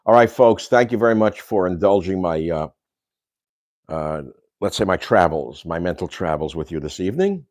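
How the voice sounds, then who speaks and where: Gruff, very deep-voiced older man ranting. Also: lively intonation, normal speed, a little mellow, no room sound. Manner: ranting, insulting, Yiddish slang. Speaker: host. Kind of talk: casual livestream monologue. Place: home kitchen.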